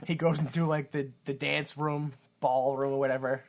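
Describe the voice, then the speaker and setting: A man hosting a podcast, chatting casually about a film, excitable, laughing often and swearing. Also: mid-range voice, moderate pace. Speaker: podcast host. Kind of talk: casual chat recapping a film.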